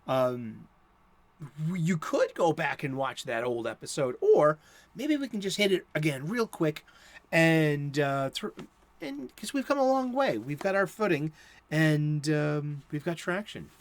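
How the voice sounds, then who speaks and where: Chatty rambling man, slightly high voice. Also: big pitch swings, a little slow. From United States. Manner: rambling, with many fillers and restarts. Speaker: host. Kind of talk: casual chat.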